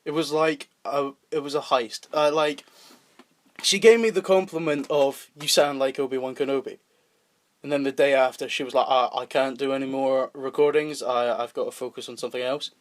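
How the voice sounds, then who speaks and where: A man's voice: medium pitch, fairly even intonation, moderate pace. A Scottish man co-hosting a casual podcast chat, laughing often and swearing freely. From Scotland. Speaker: podcast co-host.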